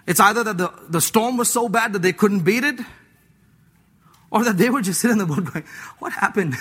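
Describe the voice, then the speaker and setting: A male preacher giving an animated, playful sermon, acting out voices, laughing and mixing scripture with casual slang. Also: sits high, brisk, slightly rough. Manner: mixes scripture with slang like "dude".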